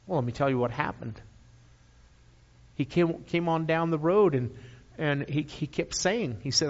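A man's voice: on the high side, unhurried. An older man preaching a sermon in a church, emphatic, repeating key phrases with folksy asides. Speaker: guest preacher. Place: church sanctuary. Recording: dull audio with long hall reverb.

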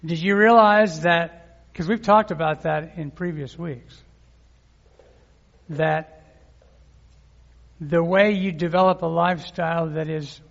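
Male pastor mid-sermon, energetic scripture reading, muffled recording with long reverb. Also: a little high, slow pace, creaky, pauses often. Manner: lively preaching with crowd call-and-response.

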